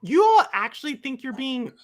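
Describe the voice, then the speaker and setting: A woman from Texas hosting a podcast, telling stories in an animated, chatty way. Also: high voice, moderate pace. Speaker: podcast host. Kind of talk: casual chat, storytelling.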